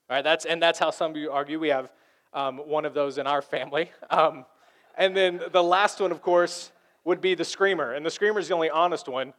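A man pastor preaching a lively sermon, acting out the voices of arguing people. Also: on the high side, a little fast.

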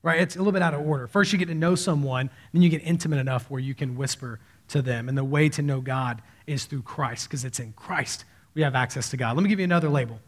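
A man's voice: medium pitch, quick pace, hardly any pauses. A man in his thirties preaching a sermon as a pastor, telling stories in a conversational way. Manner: conversational storytelling preacher, animated quoted voices.

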